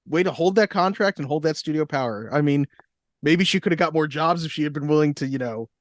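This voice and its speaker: A man co-hosting a casual podcast, reading out trivia and cracking dry jokes between the facts. His voice sits a little high for a man. The recording is close and dry. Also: a little fast, no echo. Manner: dry jokey asides. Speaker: podcast co-host.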